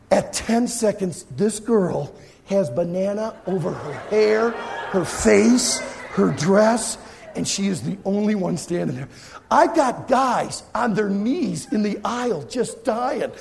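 A middle-aged man, a youth pastor, telling a funny story in a sermon and acting out his own shouting and cheering. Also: high-pitched, expressive, measured pace, gravelly.

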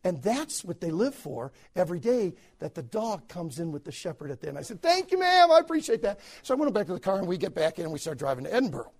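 A man's voice: on the high side, sing-song, fast, few pauses, a little mellow, slightly rough. American pastor guy preaching a story, voice swoops up and down a lot, keeps restarting his words. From United States.

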